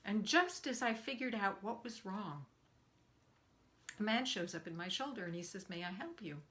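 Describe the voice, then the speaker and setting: An older woman coaching a live online group, telling a personal story and acting out the quoted lines with lively jumps in pitch. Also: normal speed. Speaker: speaking coach.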